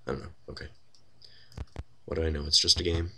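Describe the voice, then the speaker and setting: A man with a very low, gravelly voice that has a bright edge, commenting casually on a computer role-playing game. He thinks aloud with a wry tone and fills his talk with ums and uhs. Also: flat delivery, fast. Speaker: let's play host.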